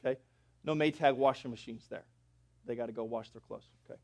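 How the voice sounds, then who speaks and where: A man's voice: medium pitch, a little fast. A pastor preaching a sermon, talking straight to his congregation and building in intensity.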